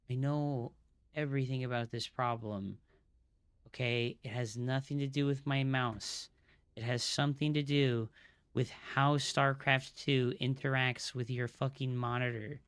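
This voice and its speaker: A slow-talking male gaming streamer who swears freely as he troubleshoots out loud. He sounds exasperated and mutters under his breath. His voice is dry and close, with no room sound around it. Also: medium pitch, clean tone, no echo. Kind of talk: live-stream troubleshooting chatter.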